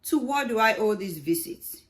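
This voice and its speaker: A woman's voice: fairly high pitch, lively intonation, normal speed, pitched above the performer's own voice, natural voice. A woman voicing a busy, irritable male doctor who answers curtly and defensively. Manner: curt, defensive.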